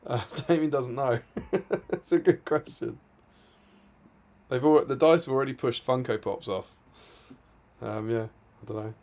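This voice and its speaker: A man, co-hosting a hobby stream in casual chat, laughing often and letting his sentences trail off quietly. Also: medium pitch, a little slow. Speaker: co-host of a tabletop wargaming stream.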